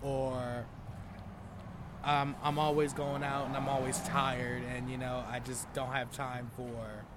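A young man and stand-up comedian talking casually and reflectively, getting animated when he acts out scenes. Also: mid-range voice, takes it slowly, heavy background noise. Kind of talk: casual chat.

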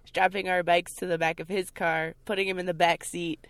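Jersey girl in her 20s telling a story, gets loud and animated, dry close mic. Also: on the low side, normal speed, no room sound. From New Jersey. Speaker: co-host. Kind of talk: casual chat. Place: outdoors by a canyon overlook.

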